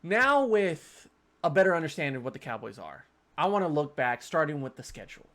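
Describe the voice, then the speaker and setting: Animated, slightly high-voiced male podcast host. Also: brisk. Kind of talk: casual sports podcast chat.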